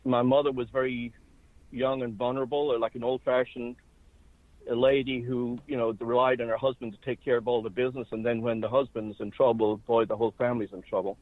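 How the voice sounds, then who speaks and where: A man's voice: mid-range voice, flat delivery, fairly quick, no room sound. Man in his 60s on a phone line. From Ireland. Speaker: interview guest. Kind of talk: recounting his life story. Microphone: telephone. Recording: dry tinny phone line.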